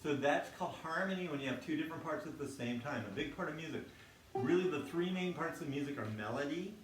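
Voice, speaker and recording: A man's voice: fairly high pitch, fast talker, distant mic, background noise. A man teaching a children's music class, explaining things simply with a friendly manner and many restarts. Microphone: single microphone near his instrument. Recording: echoey room, instrument music loud behind.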